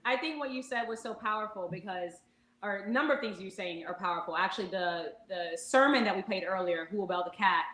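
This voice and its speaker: A woman's voice: mid-range voice, brisk. Affirming woman co-host in an echoey room. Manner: lively, affirming interjections. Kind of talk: co-hosting an online event.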